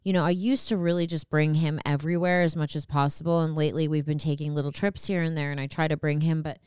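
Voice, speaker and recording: A woman's voice: low-pitched, fairly even intonation, fast talker, darkish tone, smooth, no room sound, clean studio sound. A woman comedian hosting her podcast, candid and rambling, swearing casually.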